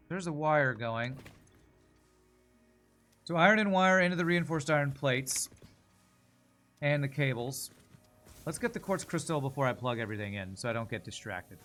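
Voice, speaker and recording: A young man streaming a video game, thinking out loud in a rambling, casual way as he works through problems. His voice sits at an ordinary middle pitch, with faint game music playing behind him. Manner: rambling, talks to himself while working things out. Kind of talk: casual gameplay commentary.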